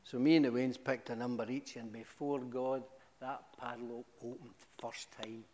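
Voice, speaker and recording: A middle-aged man giving a humorous, animated testimony to a church, with sudden high exclamations. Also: normal speed. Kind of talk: storytelling testimony. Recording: echoey hall.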